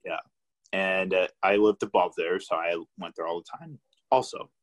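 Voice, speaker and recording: A man's voice: low-pitched, normal speed, poor audio. A young man hosting a podcast, chatting in a laid-back way, swearing often and leaning on fillers. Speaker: podcast host. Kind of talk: casual chat.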